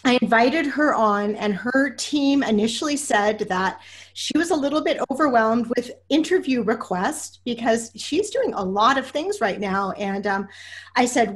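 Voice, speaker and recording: A woman's voice: on the high side, animated, measured pace. A woman hosting a podcast interview, effusive and emotional, talking with many fillers and restarts. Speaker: podcast host. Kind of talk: casual interview introduction.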